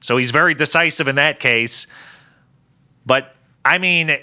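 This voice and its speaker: Bright-voiced man in casual chat. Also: fairly high pitch, unhurried. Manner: animated, acts out characters mockingly. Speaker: podcast co-host.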